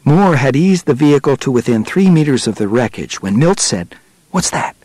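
A man narrating a nonfiction adventure audiobook in a steady, measured storytelling manner. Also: mid-range voice, no room sound.

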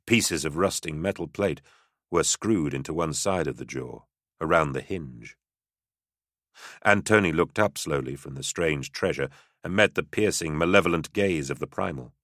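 A man narrating an audiobook in a steady, dramatic storytelling manner. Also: a bass voice, moderate pace, dry recording, studio quality.

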